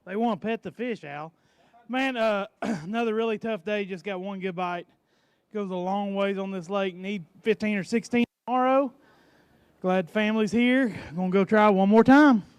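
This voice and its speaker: A man's voice: high-pitched, normal speed, clean tone, dry recording. A man who fishes the tournament, summing up his day in short clipped sentences. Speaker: tournament angler.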